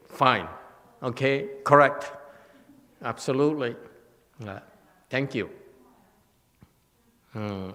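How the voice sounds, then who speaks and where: A man with a Vietnamese-accented English giving a Buddhist retreat lecture, halting and repeating words, often checking with "okay?". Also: mid-range voice, sharp tone. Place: temple hall. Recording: long reverb of a hall.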